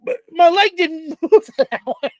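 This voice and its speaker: With an extremely high pitch and a measured pace, this male podcast host energetically narrates a story laced with swearing. It's casual chat captured in a dry recording.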